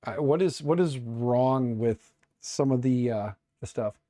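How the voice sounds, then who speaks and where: A man's voice: medium pitch, measured pace, dark tone, dry recording, clean studio sound. A middle-aged man chatting casually on a live stream while tinkering, joking and muttering to himself as he works. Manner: joking, self-mocking, rambling. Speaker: streamer building a 3D printer.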